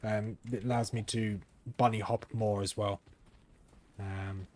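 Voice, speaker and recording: A man's voice: fairly low pitch, unhurried. A young man giving live commentary while streaming a game, thinking aloud in a chatty way with frequent ums and restarts. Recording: steady background noise.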